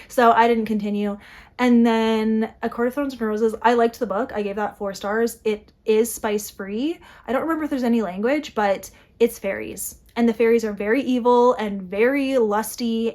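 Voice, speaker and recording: A young adult woman talking casually to her viewers, animated, often breaking off mid-sentence to restart a thought, with quick asides and small laughs. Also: medium pitch. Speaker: book vlogger. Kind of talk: casual chat to camera.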